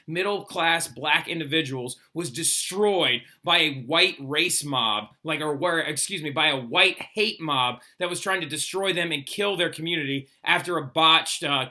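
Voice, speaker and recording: A man gives a casual, chatty history lesson in a recorded classroom lecture, often tossing in "right?" tag questions and filling with "like." His voice is high-pitched and sharp.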